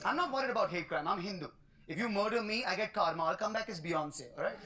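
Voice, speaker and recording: A man's voice: high voice, lively intonation, quick pace, noisy background. A man with an Indian accent performing a stand-up comedy set with a punchy, playful delivery. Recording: TV studio stage with audience laughter. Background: crowd laughing.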